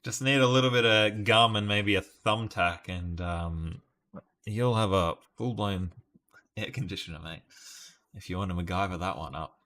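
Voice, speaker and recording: A man's voice: sits low, moderate pace, sharp tone. An Australian man in casual live-stream chat, playfully musing through guesses and laughing often with his viewers. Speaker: streamer solving word puzzles live.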